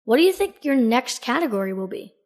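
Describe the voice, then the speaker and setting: A woman's voice: on the high side, very animated, a little fast, a little mellow. A woman hosting a podcast in a playful, joking way. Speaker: podcast host.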